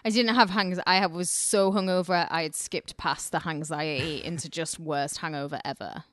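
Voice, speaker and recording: A woman's voice: deep voice, steady tone, moderate pace, no echo, clean studio sound. A woman co-hosting a podcast in casual chat, chatty and laughing often. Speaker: podcast co-host.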